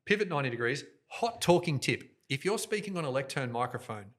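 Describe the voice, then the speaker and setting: A middle-aged man, an event host telling his story as a guest in an animated podcast interview. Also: medium pitch, background noise. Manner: energetic, fast, jokey, talks with his hands toward the mic. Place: podcast studio. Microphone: directional studio microphone.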